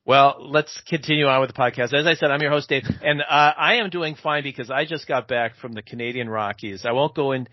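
A man hosting a casual podcast with friends, speaking in a laid-back, somewhat monotone way. His voice sits at a middle pitch. The recording is dry and a little dull. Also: brisk, hardly any pauses, no echo. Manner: laid-back, a bit flat, laughs often. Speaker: podcast host.

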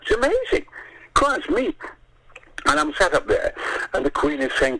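This older male interview guest has a high, slightly bright voice with huge pitch swings, a moderate pace and frequent pauses. He spins theatrical show-business stories, cursing freely and performing the characters' voices. The recording is rough.

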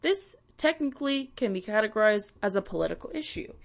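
A woman's voice: mid-range voice, animated, fairly quick, gravelly. A young woman from Canada, hosting and ranting bluntly with swearing and sarcasm. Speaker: podcast host. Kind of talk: ranting monologue.

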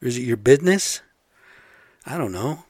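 A man talks in a loose, rambling monologue, swearing often and checking in with "right?" His voice sits at an ordinary middle pitch. The recording is close and dry, with no room sound. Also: expressive, moderate pace, darkish tone, breathy edge, dry recording. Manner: rambling, blunt and profane, asks listeners "right?". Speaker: vlog host. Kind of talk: casual profane monologue.

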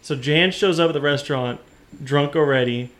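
A man's voice: on the high side, normal speed. Wry man teasing a friend's story. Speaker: podcast co-host. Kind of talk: casual chat.

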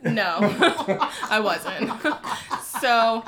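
A woman in her twenties telling a story in casual chat, animated, laughing and saying "like" a lot. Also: a little high, drawn-out words, crowd noise. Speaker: storyteller guest.

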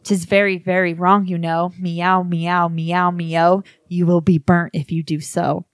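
A woman's voice: fairly low pitch, little pitch movement, measured pace, dry recording, clean studio sound, lightly acted. A woman voicing a pair of pet cats who give a singsong warning in a storybook poem. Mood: scolding.

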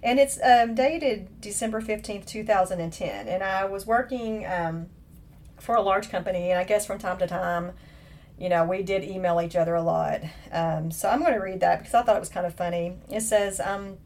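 A middle-aged woman hosts a podcast on her own in casual chat. She talks in a chatty, self-mocking way and drifts into playful exaggeration. Her pitch sits in the middle range for a woman. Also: moderate pace, darkish tone, a little hiss or hum. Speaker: podcast host.

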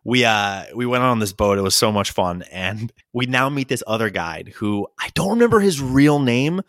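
A man's voice: mid-range voice, moderate pace, no room sound, studio quality. A young man hosting a podcast, telling a trip story in casual chat, joking, swearing freely and acting out what others said. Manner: animated, jokey, swears freely, acts out quoted voices. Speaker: podcast host.

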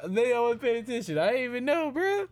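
A young man co-hosting a casual football podcast, teasing his friends and jumping into high mocking tones. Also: very animated, fast talker. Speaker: podcast co-host. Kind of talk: casual sports chat.

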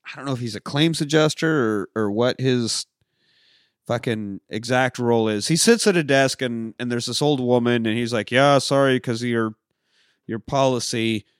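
A man co-hosting a podcast, casually retelling a film in an animated way, with frequent swearing. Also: medium pitch, dry recording, studio quality. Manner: animated, profane storytelling. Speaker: podcast co-host.

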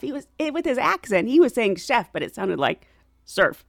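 A middle-aged American woman telling a travel story in a chatty, animated way, laughing often and acting out what she and others said. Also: fairly high pitch, normal speed, creaky, no echo, studio quality. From United States.

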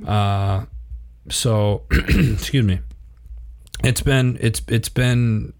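Guest, male, 30s, low voice, animated storyteller who mimics others in a raised voice. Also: very slow, creaky. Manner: animated, acts out quotes in a raised voice. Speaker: podcast guest. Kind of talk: casual storytelling interview.

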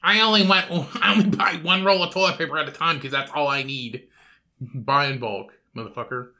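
A man's voice: on the high side, steady tone, moderate pace, sharp tone. A man co-hosting a podcast, talking in a profane, mocking, jokey way. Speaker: podcast co-host. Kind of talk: casual chat.

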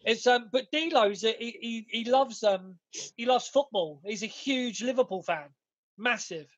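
A man's voice: very high-pitched, unhurried, muffled recording. A man co-hosting a podcast, chatting casually, swearing freely and acting out quotes. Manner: swearing, excitable, acts out quotes. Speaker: podcast co-host. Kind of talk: casual chat.

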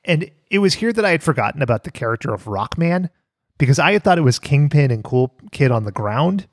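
A man's voice: fairly high pitch, very animated, brisk, dry recording, studio quality. A man co-hosting a podcast, recapping a cartoon in casual chat, joking, swearing and laughing often.

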